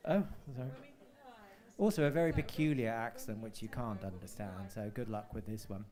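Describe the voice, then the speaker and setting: A man's voice: lowish voice, moderate pace, darkish tone. A man hosting a live stage showcase, chatty, gushing and jokey. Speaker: host. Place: club stage, live show.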